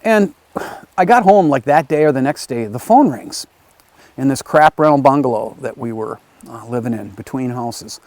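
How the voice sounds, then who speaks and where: Speaking at a moderate pace with a medium-pitched voice, this man teaches a video class from his rural home area. The recording is dry, and his retelling is chatty and animated, with quotes from other people acted out along the way.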